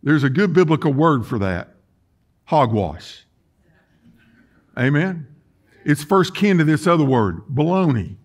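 Pastor guy, high voice, folksy preaching, gets loud then soft in a church. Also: sing-song, a little slow, pauses often. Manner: folksy, emphatic preaching with wide swings in loudness. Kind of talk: sermon. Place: church sanctuary.

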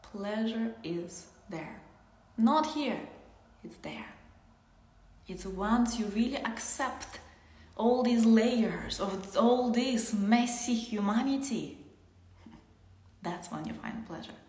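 A woman giving a spiritual tantra teaching, speaking softly, often dropping to a whisper, with laughs between thoughts. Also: fairly high pitch, slow, roomy sound.

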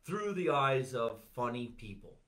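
A man's voice: mid-range voice, big pitch swings, unhurried, bright, forceful tone. Joking, crude male comedy host. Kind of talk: casual podcast chat.

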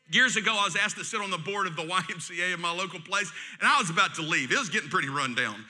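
A middle-aged man, preaching a sermon in a folksy, joking and animated way. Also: sits high, fast talker, hardly any pauses. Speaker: pastor.

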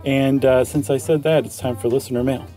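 A podcast co-host chats enthusiastically, rambling and restarting his sentences. His mid-range voice is brisk and dark-toned with fairly even intonation, captured on a dry, close studio mic with faint music behind.

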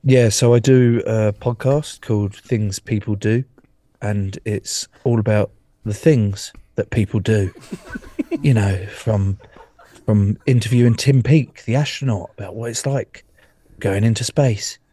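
A man's voice: on the low side, fairly even intonation, unhurried, mellow, no room sound. A man on a video call chatting about his podcast, rambling and swearing, laughing often. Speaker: podcast guest. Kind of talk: casual chat.

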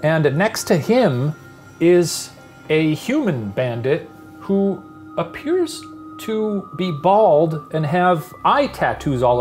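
A man in his thirties, the game master, narrating a tabletop game in a relaxed, dry, meandering way. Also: sits high.

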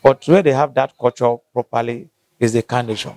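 A man with a Nigerian accent answering interview questions, halting and restarting as he searches for words. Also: mid-range voice, fairly even intonation, darkish tone, dry recording. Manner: halting, restarts often, slow to find words. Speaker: interviewee from the local community.

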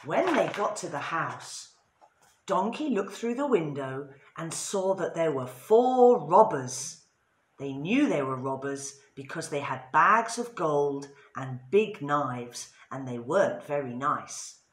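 A woman teaching English to children, reading a story aloud in an expressive, sing-song way. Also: sits low, slow pace. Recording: roomy echo.

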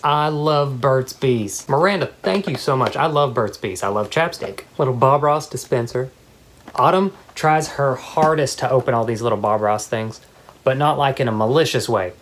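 A low-pitched woman opens fan mail in a chatty, excitable way, gasping and laughing between thank-yous. The recording carries clear background noise with paper crinkling. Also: moderate pace. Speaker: vlogger opening fan mail. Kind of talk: casual unboxing chat. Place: at home.

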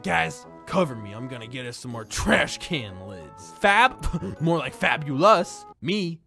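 A young man gives excitable, joking game commentary, laughing often as he plays. His voice sits high, bright and forward, swinging widely in pitch. Faint game music plays underneath. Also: a little slow, creaky. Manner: giggly, excitable, animated. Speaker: gaming YouTuber.

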